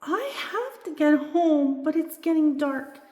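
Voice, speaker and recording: Storybook role: an eager little girl spirit doll, high childlike voice, put on by a woman narrator, reverberant room. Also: slow pace, a little hiss or hum. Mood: worried. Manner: bright and excitable, high childlike voice. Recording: echoey room with long reverb.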